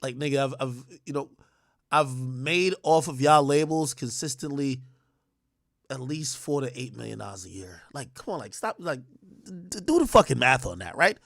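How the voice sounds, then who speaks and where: A man hosting a livestream, ranting in a profane, confrontational, rapid-fire way. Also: mid-range voice, animated, creaky, a bit bright, no echo, clean studio sound. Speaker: livestream host. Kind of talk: heated livestream rant.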